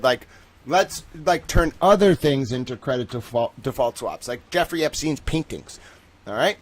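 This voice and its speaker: A man's voice: medium pitch, slight background noise. A man hosting a livestream, rambling and joking casually, with lots of filler words. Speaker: livestream host.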